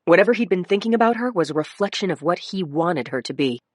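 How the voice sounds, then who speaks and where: A woman's voice: fairly low pitch, expressive, fast talker, dry recording, clean studio sound. A woman reading a crime audiobook in a dramatic narration style. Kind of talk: scripted narration.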